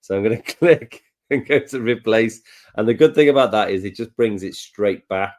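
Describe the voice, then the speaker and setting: Chatty low-voiced man demonstrating. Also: moderate pace, darkish tone. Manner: chatty, rambling, with wry asides. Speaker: co-host tutor. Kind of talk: live screen tutorial.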